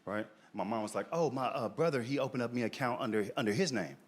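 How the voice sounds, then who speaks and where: Animated male stand-up comedian. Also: mid-range voice, fast. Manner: animated, tags lines with "right?" and "dog". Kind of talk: stand-up storytelling. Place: comedy stage.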